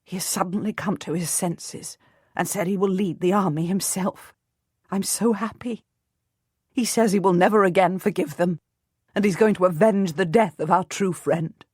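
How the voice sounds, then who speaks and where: A woman voicing an eager young queen who talks in an excited, urgent way. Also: fairly low pitch, moderate pace, breathy edge, dry recording, studio quality. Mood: joyful.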